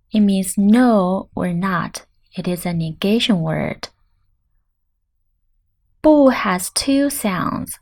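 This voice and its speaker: A woman teaching beginner Chinese, repeating each word slowly and clearly for the learner. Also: medium pitch, a little mellow. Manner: clear, deliberate pronunciation drills. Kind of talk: slow language lesson.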